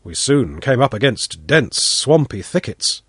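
Male narrator for a storybook reading: unhurried delivery, lively rising and falling pitch, expressive storytelling. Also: slightly rough, dry recording, clean studio sound. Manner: expressive storytelling, voices the characters. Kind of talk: scripted narration of a first-person story.

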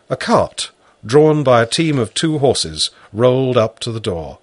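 A man narrating a story in the first person, reading slowly and expressively. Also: medium pitch, dry recording. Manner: slow, animated storytelling.

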